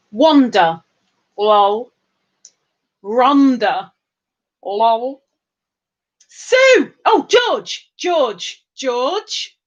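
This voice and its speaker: Slow-talking English woman, chatty host. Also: fairly high pitch. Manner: chatty, rambling with restarts, reads viewer comments aloud. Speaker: livestream host. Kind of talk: casual live chat.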